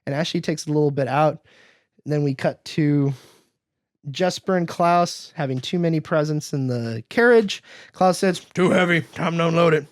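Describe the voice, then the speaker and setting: A man with a slightly high voice recaps an animated film in a loose, chatty podcast style. He bursts into excited character voices as he retells scenes. The recording is close and dry, with no room sound. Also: unhurried, no room sound. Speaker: podcast host.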